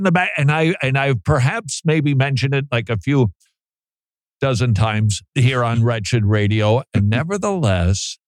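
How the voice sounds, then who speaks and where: A man's voice: medium pitch, no room sound. A man hosting a radio program, talking in a casual, joking way and laughing often. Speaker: radio host.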